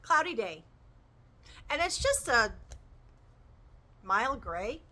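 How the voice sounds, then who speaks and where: A woman's voice: fairly high pitch, big pitch swings, slow pace, sharp tone, poor audio. A woman chatting enthusiastically as she shows off her crochet purchases. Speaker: crochet vlogger. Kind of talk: casual show-and-tell chat.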